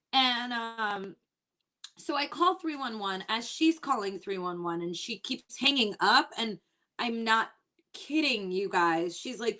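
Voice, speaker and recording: A woman's voice: a little high, expressive, measured pace, fairly bright tone. A woman comedian doing a stand-up set from home, telling exasperated stories and quoting people. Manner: chatty, exasperated storytelling with quoted voices. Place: at home, online show.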